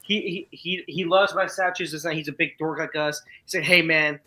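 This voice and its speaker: A man's voice: fairly high pitch, steady tone, fairly quick, pushed and bright, roomy sound, low-quality recording. A man co-hosting a live chat stream, talking casually and hesitantly, often repeating words. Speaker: livestream co-host.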